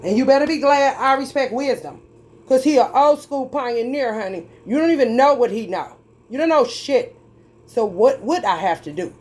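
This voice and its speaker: A woman's voice: sits high, animated, normal speed, a little mellow. A woman giving a tarot reading in a heated, preachy and profane monologue, drawling and emphatic as she talks straight at her viewers. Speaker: tarot reader.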